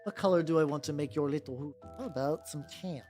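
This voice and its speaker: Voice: mid-range voice, fast talker, dark tone. A streamer chatting casually while painting miniatures, rambling with lots of fillers and casual swearing, with no notable accent. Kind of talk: casual live-stream chat. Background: faint background music.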